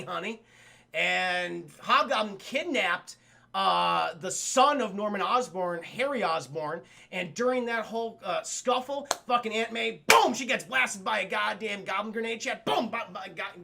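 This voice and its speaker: A man casually reviewing a cartoon episode on a live stream, excitable, swearing freely and talking to his chat. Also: high-pitched, vocal fry.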